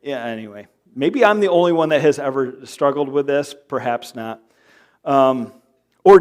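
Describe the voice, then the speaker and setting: A man with a slightly raised voice delivers an animated sermon in church. He jokes with the congregation and acts out little arguments between spouses. He swings from loud bursts to quiet asides. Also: a little high, moderate pace. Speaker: pastor. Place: church sanctuary.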